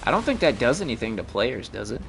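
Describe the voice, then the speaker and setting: Music plays behind a young man from the Midwest as he streams a game live, talking to chat in a profane, rambling way. His medium-pitched voice is gravelly, very animated and quick.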